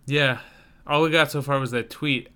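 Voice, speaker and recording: A man's voice: mid-range voice, steady tone, normal speed, bright, forceful tone, clear, resonant tone. A young man co-hosting a podcast, chatting casually with dry, self-deprecating humor. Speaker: podcast co-host. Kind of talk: casual chat.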